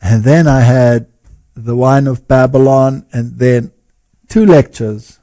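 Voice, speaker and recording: A man telling a story in an interview as a lecturer, animated and often chuckling as he talks. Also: medium pitch, takes it slowly. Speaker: guest speaker and lecturer.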